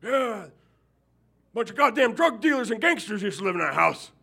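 A man voicing a gruff, crude older male neighbor who yells and swears bluntly. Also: high-pitched, very animated, normal speed, voice pushed up, full character voice. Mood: suspicious.

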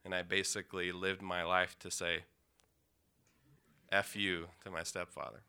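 A man from the Pacific Northwest telling an emotional personal story, intense, with pauses and restarts. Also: low-pitched, little pitch movement, vocal fry, bright, forceful tone, clean tone. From Yakima, Washington, USA.

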